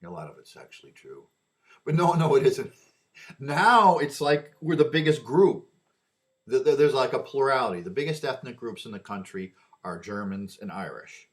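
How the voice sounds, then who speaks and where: A man's voice: medium pitch, sing-song, moderate pace. A man delivering a rambling opinion monologue, often repeating and restarting his words.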